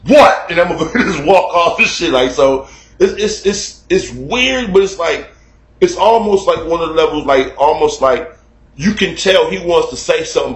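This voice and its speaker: A man telling a story to his camera in a casual, animated, profane way, acting out shouts at a neighbor, recorded in a room at home. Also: a little high, roomy sound. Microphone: camera mic.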